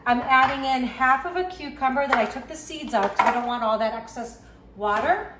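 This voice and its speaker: A woman's voice: sits high, brisk. A woman with a Boston accent, a home cook chatting casually through a cooking demonstration in her kitchen, with self-deprecating asides. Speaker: home cook, channel host. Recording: echoey kitchen with faint background noise.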